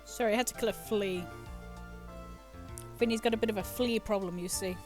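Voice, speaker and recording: A woman's voice: medium pitch, fairly quick. A woman streamer chatting offhandedly while she plays a game, with game music behind her. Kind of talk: casual gaming commentary.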